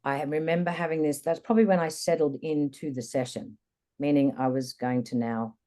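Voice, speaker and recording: A woman guest in an interview, candidly recounting a personal experience in a reflective, lively way. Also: deep voice, a little fast. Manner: candid, reflective, animated retelling. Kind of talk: personal storytelling in conversation.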